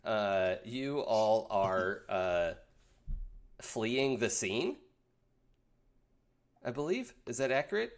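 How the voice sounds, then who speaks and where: Halting male game master. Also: fairly low pitch, big pitch swings. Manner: halting, with many fillers and laughs. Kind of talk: narrating a tabletop role-playing game.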